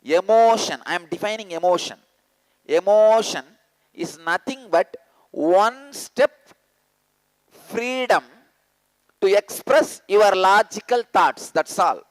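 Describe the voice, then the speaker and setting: A man giving an insistent spiritual discourse to an audience, mimicking people's excuses in a low mocking voice. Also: lively intonation, slow, pauses often, dry recording, poor audio. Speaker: spiritual teacher. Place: indoor teaching hall.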